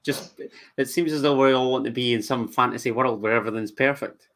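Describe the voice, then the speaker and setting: A man's voice: medium pitch, steady tone, a little fast, a bit bright. A man co-hosting a live football stream, chatting in an enthusiastic, jokey way. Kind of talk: casual football chat.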